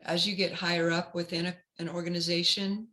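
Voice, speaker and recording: A woman career counselor giving a webinar talk in a measured, instructive way. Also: on the low side, level tone, bright, forceful tone, rough recording.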